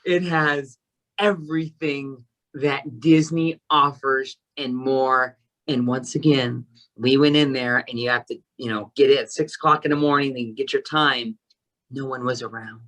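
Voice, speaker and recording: Excitable man gushing in conversation. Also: mid-range voice, unhurried, poor audio. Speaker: casino entertainment coordinator, guest. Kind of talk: casual interview chat.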